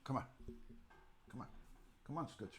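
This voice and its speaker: Faint music plays behind a man speaking at normal speed with a fairly bright tone. He's a New York–accented retired detective in his forties, hosting a rambling late-night live stream from home and chatting casually with viewers, greeting them by name.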